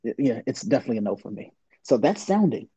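A man co-hosts a casual podcast, hesitant and often trailing off mid-sentence, breaking into laughter. His voice is mellow and a little raspy. It comes through a dull, lo-fi recording. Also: medium pitch, big pitch swings, fast, dry recording. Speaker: podcast co-host.

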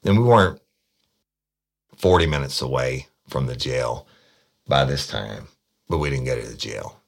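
A police detective telling a story in a casual, blunt, profane way, often repeating words. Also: male voice, rumbling low, measured pace, creaky.

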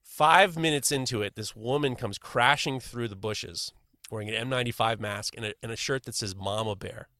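A middle-aged man with a bright, forceful voice tells a rambling story in casual chat. He stammers and restarts as he goes, animated throughout. The sound is dry and close. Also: medium pitch, normal speed, no room sound.

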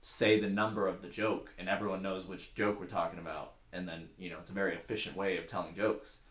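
A man voicing a calm, seasoned male prison bunkmate who explains things slowly and plainly. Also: low voice, roomy sound. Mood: matter-of-fact. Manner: slow, matter-of-fact explaining.

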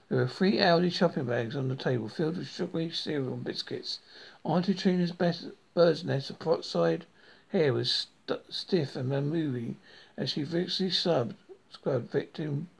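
A man's voice: a little high, gravelly, breathy edge. A man reading a comic diary novel aloud, with frequent slips and restarts. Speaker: reader.

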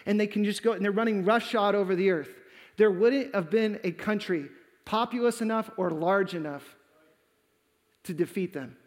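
A man's voice: high-pitched, normal speed, long reverb tail. A man preaching a sermon, telling a story dramatically and acting out the quoted lines. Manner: dramatic, acts out quoted dialogue.

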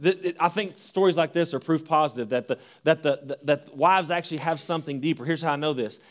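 A man preaching a sermon as a pastor, animated with stumbles and restarts, reading scripture slowly and deliberately. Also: a little high.

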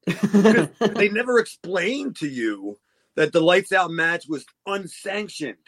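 High voiced dude cohosting a podcast, rambling stories, swears a lot. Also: male voice, animated, moderate pace, a bit bright. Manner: storytelling, swears freely, laughs often. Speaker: podcast co-host. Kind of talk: casual chat.

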